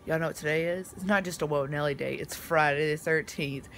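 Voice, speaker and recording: A woman chatting casually to her phone camera from bed, with playful shouts and sudden loud bursts. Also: low-pitched, steady tone, moderate pace, slight background noise. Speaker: vlogger. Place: lying in bed at home.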